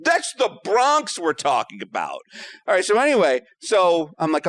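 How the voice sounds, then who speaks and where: A man guesting on a comedy podcast, telling a story in an animated way, acting out both sides of each exchange and swearing freely. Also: a little high, normal speed, no echo. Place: podcast studio.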